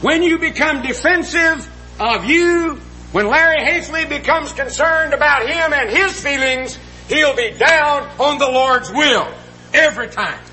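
A man's voice: very high-pitched, unhurried, sharp tone, faint music behind, low-quality recording. A middle-aged man preaching a sermon, earnest and folksy, often asking the congregation questions.

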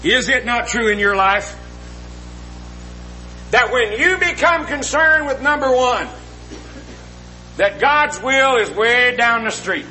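A man's voice: very high-pitched, lively intonation, slow pace, pauses often, sharp tone, a little hiss or hum, rough recording. A middle-aged man preaching a sermon, earnest and folksy, often asking the congregation questions.

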